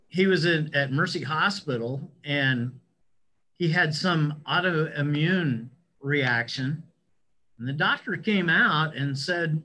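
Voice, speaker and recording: A man leading a church study group, speaking in a slow, affirming way. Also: a little high, pushed and bright, rough recording. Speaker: discussion leader.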